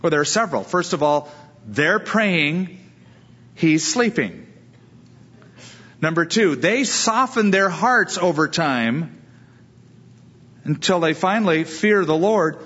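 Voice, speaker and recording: Male pastor preaching expository sermon, somewhat high husky voice, muffled recording. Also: slow pace, long pauses. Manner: expository preaching with lively quoted asides.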